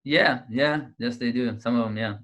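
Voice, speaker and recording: Man, bright voice, laid-back interview chat, slangy, restarts often. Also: mid-range voice, normal speed. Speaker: comedian guest.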